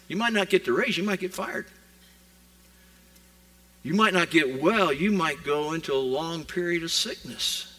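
Preacher, male, fairly high bright voice, chatty sermon with rhetorical questions, mic a little distant. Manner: conversational preaching with rhetorical questions and acted-out quotes. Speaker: pastor.

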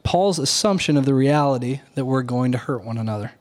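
A middle-aged male pastor delivering a Sunday sermon in a church. He speaks earnestly and deliberately, slowing down to lean on the words he wants to stress. His pitch sits at an ordinary middle level for a man. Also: animated. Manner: earnest, measured preaching with slow deliberate emphasis.

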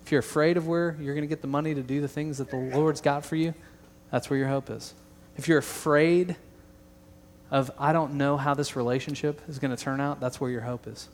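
A man's voice: on the high side, fairly even intonation, normal speed, a little mellow, a little hiss or hum. A young man preaching a sermon as pastor, earnest and emphatic, with joking asides to the congregation. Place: large church hall. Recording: long hall reverb.

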